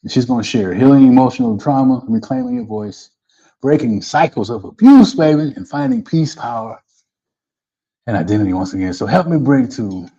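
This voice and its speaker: An enthusiastic man hosts a live talk show and hypes up his viewers. His tone is warm and mellow, and he keeps tossing quick "right?" tags at the audience. The sound comes through a dull, lo-fi stream. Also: medium pitch. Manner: energetic, repeats "right?" to the audience. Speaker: host.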